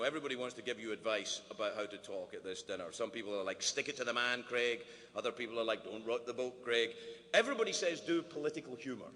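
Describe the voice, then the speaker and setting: A Scottish man doing stand-up comedy at a formal dinner, animated, full of quick asides and mock-voiced quotes. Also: medium pitch, a little hiss or hum. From Scotland. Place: large banquet hall. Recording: roomy hall with faint ambience.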